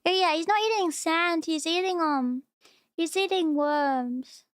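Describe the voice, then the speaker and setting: A woman's voice: extremely high pitch, unhurried, no echo, studio quality. A young woman streaming, chatting casually and gushing over cute animal videos. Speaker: VTuber streamer.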